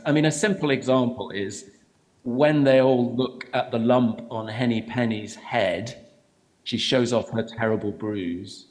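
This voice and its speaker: Male composer, panel speaker, thoughtful and measured delivery. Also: mid-range voice, a little mellow, low-quality recording. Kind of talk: panel answer.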